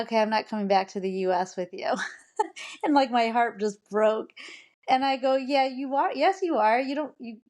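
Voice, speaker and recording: An American woman in her forties talks openly as a podcast guest. She speaks in an earnest, emotional way, trailing off and restarting her sentences. Her pitch sits in the middle range. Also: a little mellow. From United States. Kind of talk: candid personal storytelling.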